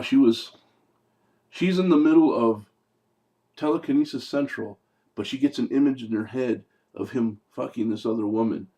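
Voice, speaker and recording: Male reviewer, gravelly voice, swears freely, sarcastic and rambling. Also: fairly low pitch, mellow. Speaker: movie reviewer. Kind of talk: casual spoken movie review.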